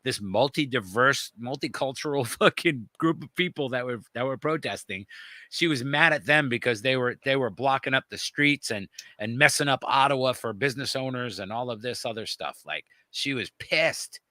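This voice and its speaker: A man's voice: mid-range voice, moderate pace, sharp tone, no room sound. A man telling stories in casual chat, swearing freely and laughing often. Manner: laughing, profane storyteller.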